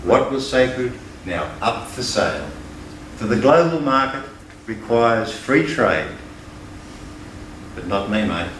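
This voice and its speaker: An older Australian man recites rhythmic verse at a folk club, landing low and firm on each refrain. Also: big pitch swings, slow pace, pauses often, fairly bright tone, slight background noise. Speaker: folk performer. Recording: roomy, distant live recording.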